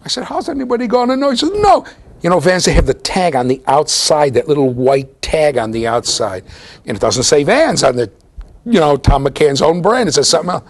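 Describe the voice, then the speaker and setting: A man's voice: fairly high pitch, lively intonation, moderate pace. A middle-aged American man giving a university lecture, telling stories with asides to his students. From United States. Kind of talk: storytelling classroom lecture.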